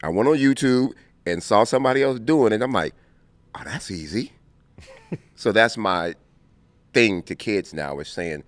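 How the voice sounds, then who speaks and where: A man in his fifties from Compton, telling stories as an interview guest, animated and quick to laugh. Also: lowish voice, no room sound. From Compton, California. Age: 50s. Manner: animated, laughing storyteller who acts out scenes. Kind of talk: casual interview storytelling.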